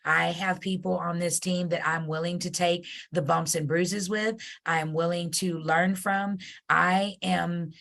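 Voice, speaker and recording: Low, gravelly woman hosting with feeling. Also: steady tone, unhurried, a bit bright. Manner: effusive and emotional, close to tears. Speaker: host and company CEO. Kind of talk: heartfelt interview wrap-up.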